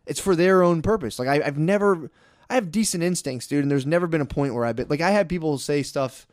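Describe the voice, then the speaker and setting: A young man talking casually on a podcast, rambling and profane, telling animated stories. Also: on the high side, fast, no room sound, clean studio sound. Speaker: podcast co-host.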